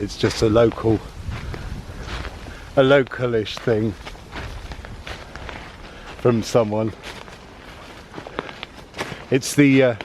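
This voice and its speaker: A man's voice: on the low side, slight background noise. A man, chatting casually and rambling a little while he walks a woodland path and films. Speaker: nature vlogger. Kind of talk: casual walking commentary. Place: woodland path outdoors, walking.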